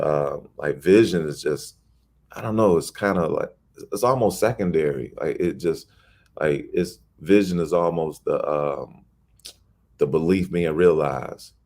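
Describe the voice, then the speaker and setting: Deep-voiced Chicago man telling stories. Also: measured pace. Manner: animated storyteller acting out quoted voices. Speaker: poet and guest. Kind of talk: casual storytelling interview.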